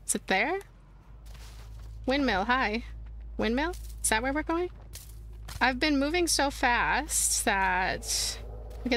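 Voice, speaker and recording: A woman's voice: a little high, a bit bright, a little hiss or hum. Giggly, jumpy let's-play woman. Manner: chatty, jumpy, shrieks and giggles when startled. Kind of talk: casual gameplay commentary.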